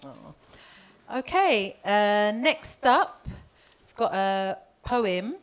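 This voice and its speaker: Slow, lively woman hosting a poetry night. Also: medium pitch, smooth. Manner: chatty, laughs often. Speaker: event host. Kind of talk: live event compering. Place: community poetry showcase.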